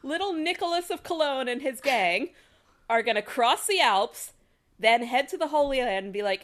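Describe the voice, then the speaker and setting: A woman hosting a casual podcast, telling a history story in a joking, animated way with frequent laughter. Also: sits high, moderate pace. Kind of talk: casual chat.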